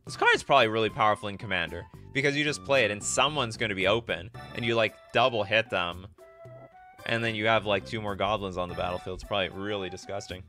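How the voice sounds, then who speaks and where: A man's voice: fairly low pitch, fast talker, soft background music. A man from Canada hosting a casual live stream, chatting in a jokey way and thinking aloud as he reads viewer messages. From Canada (Winnipeg). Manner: animated, jokey, thinks aloud while reading chat. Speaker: livestream host.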